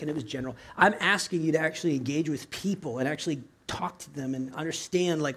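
Conversational preacher with a slightly high voice. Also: male voice, breathy edge. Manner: conversational, with frequent asides and rhetorical questions. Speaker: pastor. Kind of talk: sermon.

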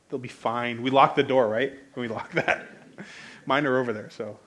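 A man in his thirties with an American accent, preaching a sermon in a conversational, joking way that rises to loud, emphatic bursts. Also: mid-range voice, measured pace.

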